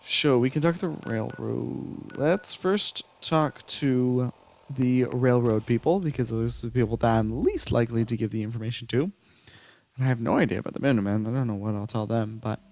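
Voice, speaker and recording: A man's voice: mid-range voice, moderate pace, gravelly, darkish tone. A young man casually commenting while playing a video game, chatty and rambling. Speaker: gaming channel host. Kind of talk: let's play commentary.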